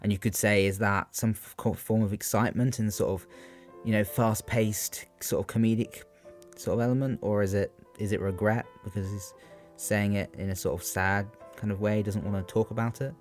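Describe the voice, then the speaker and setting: Young guy with a lowish voice doing revision notes out loud, lots of ums, keeps asking questions, soft music under it. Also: fairly even intonation, normal speed. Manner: hesitant, many ums and rhetorical questions. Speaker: student giving exam revision. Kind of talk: unscripted revision talk.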